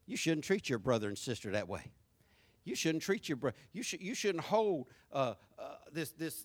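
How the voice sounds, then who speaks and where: A middle-aged pastor preaches with a lively, rising and falling delivery. His voice is bright and forward, a little higher than most men's. He drops to near whispers, then punches key lines out loud. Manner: animated preaching, swings from hushed to loud. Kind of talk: sermon.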